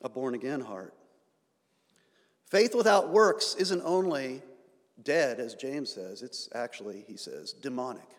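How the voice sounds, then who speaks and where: A man's voice: medium pitch, lively intonation, unhurried. A man pastor delivering a sermon in a church, building to emphatic, sometimes sarcastic points. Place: church sanctuary. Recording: church hall reverb.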